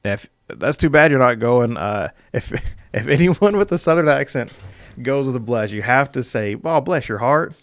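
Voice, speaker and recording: A man's voice: mid-range voice, expressive, normal speed, fairly bright tone, clean tone, no echo. A young man casually hosting a live stream as dungeon master, rambling with filler words and chuckling as he reads viewer comments.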